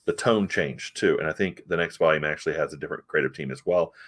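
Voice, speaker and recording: A middle-aged American man with a very deep, slightly bright voice talks fast as the host of a comic review. He chats casually about comics, rambling and hesitant but frank.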